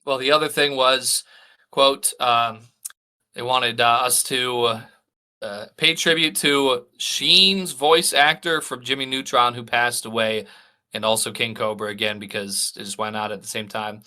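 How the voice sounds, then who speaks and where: A man with a bright, sharp voice, just getting over a cold, co-hosts a casual podcast conversation. He speaks haltingly, stopping and restarting his sentences and padding them with fillers. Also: medium pitch, fairly even intonation, clean tone. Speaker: podcast co-host. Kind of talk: casual chat.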